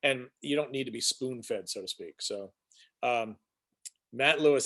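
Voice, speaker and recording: A man's voice: medium pitch, a little slow. Chatty man greeting live viewers. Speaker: host. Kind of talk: casual live-stream chat.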